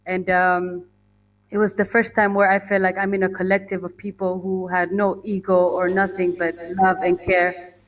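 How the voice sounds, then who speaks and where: Chatty woman on a distant video call. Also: medium pitch. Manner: laughs often, chatty and warm. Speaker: guest musician. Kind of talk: casual remote interview.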